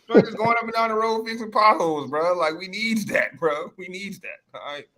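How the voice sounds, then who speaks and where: A man hosting a casual sports podcast, laughing and telling animated stories. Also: high voice, fairly quick. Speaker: podcast host.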